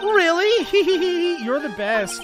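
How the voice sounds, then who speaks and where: A man's voice: extremely high pitch, animated, a little slow, over music, pitched above the performer's own voice. A man voicing a cheerful, carefree young female animal tamer in a video game.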